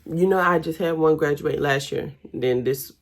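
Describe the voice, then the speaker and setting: Chatty low-voiced woman. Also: normal speed. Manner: chatty, addresses viewers as y'all. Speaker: vlogger. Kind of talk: casual chat while doing makeup. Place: home.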